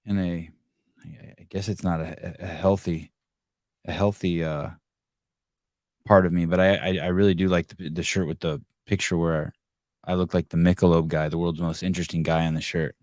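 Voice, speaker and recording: A man's voice: low voice, level tone, normal speed, darkish tone, no room sound, studio quality. A middle-aged man hosting a podcast, rambling in casual talk and swearing freely when he gets frustrated. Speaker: podcast host. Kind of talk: casual live show monologue.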